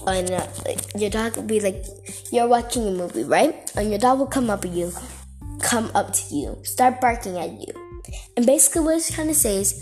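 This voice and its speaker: A woman's voice: medium pitch, expressive, moderate pace, a little mellow. Woman vlogger, casual exasperated rant with lots of "like" and "okay", faint music under the voice.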